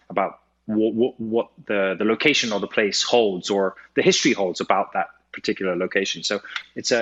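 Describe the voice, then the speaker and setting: A Scottish man talks as a remote guest over a video call, with a bright, forceful voice. He is chatty and quick to laugh, and he restarts his sentences often. The audio is dull and lo-fi. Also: lowish voice, husky. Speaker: actor guest. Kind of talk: casual interview chat.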